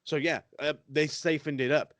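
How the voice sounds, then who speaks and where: A man's voice: fairly high pitch, steady tone, moderate pace, a bit bright, no room sound. A man co-hosting a wrestling podcast, ranting in a heated, profane, sarcastic way. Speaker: podcast co-host.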